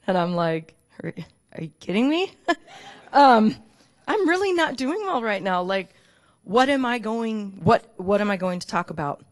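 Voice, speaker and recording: A woman speaks to her congregation from the front of a church sanctuary. She shares a candid personal testimony of gratitude in an open, emotional way and often breaks into rapid spoken lists. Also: mid-range voice, animated. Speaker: church member giving a gratitude talk.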